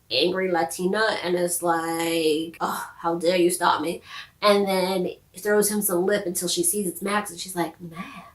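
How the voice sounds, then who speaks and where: A woman's voice: lowish voice, echoey room, rough recording. A woman recapping and reviewing a TV show in a chatty, sarcastic vlog style. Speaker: TV review vlogger.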